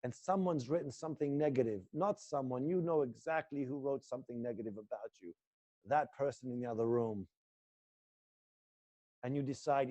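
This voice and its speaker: A male acting teacher guiding students through an intense exercise, swinging between low muttered lines and loud coaching. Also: moderate pace. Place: indoor room.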